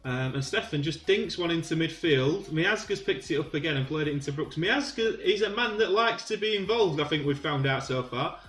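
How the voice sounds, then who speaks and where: A Yorkshire man talks through his football management game like a casual match commentator, rambling with ums and sudden bursts of excitement. His voice sits a little high for a man. The sound is roomy, with faint music underneath. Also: moderate pace, few pauses. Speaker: gaming YouTuber.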